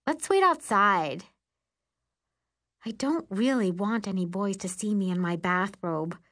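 A woman reading a first-person story aloud as an audiobook narrator, measured and even. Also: on the low side.

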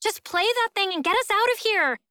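A woman's voice: extremely high pitch, animated, brisk, sharp tone, no echo, studio quality, voice pushed up, heavily acted. A woman voicing an impatient teenage girl who snaps curtly at others, in an audiobook. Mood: irritated. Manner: curt, snapping. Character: snappish, impatient teen girl.

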